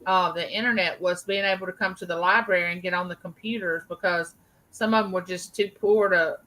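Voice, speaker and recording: A woman's voice: lowish voice, steady tone, brisk, fairly bright tone, rough recording. A woman co-hosting a casual livestream chat, explaining things in a matter-of-fact way.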